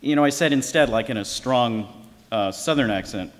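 A man's voice: mid-range voice, moderate pace. A man hosting a scripted comedy act on stage, chatty and joking, with many fillers. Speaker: comedy host. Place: large lecture hall with live audience. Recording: echoey hall, crowd and noise.

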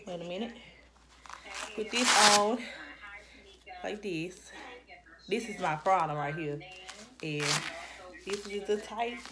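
A woman's voice: medium pitch, very noisy. Chatty young woman, slightly out of breath. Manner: chatty, rambling, restarts often. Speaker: vlogger. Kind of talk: casual chat to camera.

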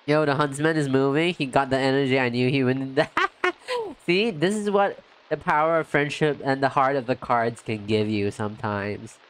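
A man streaming a game, chatting casually and excitably, saying "yo" and "like" a lot and jumping up in pitch when he greets viewers. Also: normal speed. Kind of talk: casual let's-play commentary.

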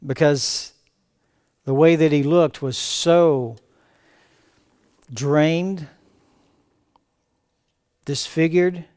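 A man preaching a verse-by-verse sermon as pastor, reading scripture aloud with rising emphatic cries and then dropping to quiet asides. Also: on the high side, extremely slow, long pauses. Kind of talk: expository sermon. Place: church sanctuary.

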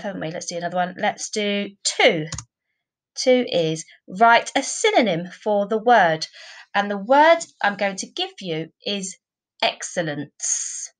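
A woman's voice: medium pitch, rough recording. Patient woman teaching children. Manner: clear, patient, encouraging teacher talk with tag questions. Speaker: primary school teacher. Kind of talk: recorded online lesson.

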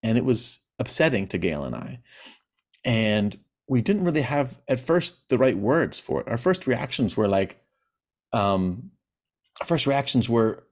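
A man's voice: medium pitch, very animated, normal speed, darkish tone. A man giving a personal talk on grief, speaking candidly and plainly, with hesitant restarts. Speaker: presenter.

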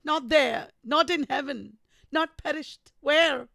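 A woman's voice: sits high, slow pace, creaky, bright, forceful tone, no room sound, studio quality, voice pushed up, heavily acted. A woman with an Indian English accent reading the part of a tormented, grieving man in an impassioned dramatic reading. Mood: anguished.

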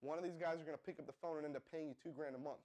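A man's voice: a little high, fairly even intonation, rapid-fire, warm tone. Pumped-up man hosting a live stream. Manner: pumped-up, addresses viewers as guys, asks the chat to respond. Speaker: livestream host. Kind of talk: hyped live-stream marketing pitch.

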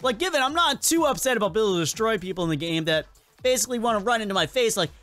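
A man hosting a casual let's-play video, talking in an excitable, rambling and self-mocking way as he comments on the game. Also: high-pitched, very fast, no echo, faint music behind. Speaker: gaming video host.

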